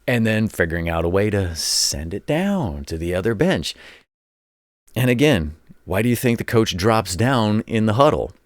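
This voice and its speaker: This show host, once a college coach, rambles through casual sports stories in a monologue, repeating his words and performing the voices he quotes. He speaks on the low side at a moderate pace and sounds very animated, in a dry, studio-quality recording.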